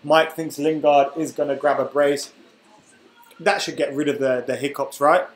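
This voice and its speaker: A man's voice: fairly high pitch, steady tone, normal speed, echoey room, a little hiss or hum, rough recording. A young man hosting a football live stream, chatting casually and reading out viewer comments while he has the hiccups. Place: room at home.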